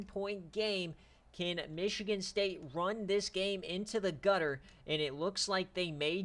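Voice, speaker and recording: Excitable man calling sim games on stream. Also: high-pitched, unhurried. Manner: excitable, trash-talking, casual slang. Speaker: online dynasty league streamer. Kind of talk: live-stream sports commentary.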